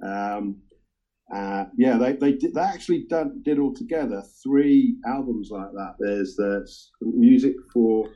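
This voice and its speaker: A man's voice: mid-range voice, unhurried, dark tone. A man co-hosting a casual music chat, talking enthusiastically about records with frequent ums and hesitations. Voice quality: hesitant, many ums and uhs. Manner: enthusiastic record collector talk. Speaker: co-host sharing record picks. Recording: dull lo-fi sound.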